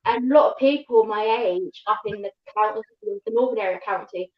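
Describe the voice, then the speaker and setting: A woman with a London-tinged southern English accent, chatting casually as a livestream guest and rambling quickly with restarts. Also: mid-range voice. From England, north of London. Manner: fast-talking, rambling with restarts. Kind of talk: casual chat. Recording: echoey, dull livestream audio.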